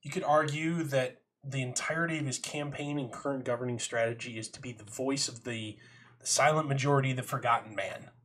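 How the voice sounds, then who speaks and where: A man co-hosting a sports talk show, debating bluntly and cutting in with quick quips. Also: mid-range voice, steady tone, fairly bright tone, slightly rough. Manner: blunt, argumentative, cuts in with quips. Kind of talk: casual debate.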